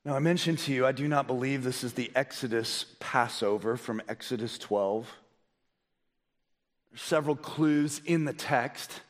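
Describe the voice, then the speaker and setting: A man preaching a sermon as pastor, asking the congregation rhetorical questions and swinging between loud emphasis and low, quiet delivery. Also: moderate pace, in a large hall.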